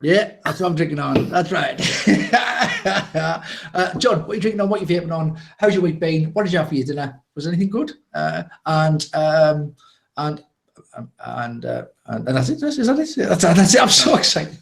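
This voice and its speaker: Excitable chatty British man. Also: on the high side, moderate pace, creaky. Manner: excitable, rambling with fillers and laughs. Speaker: co-host. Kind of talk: casual live show chat.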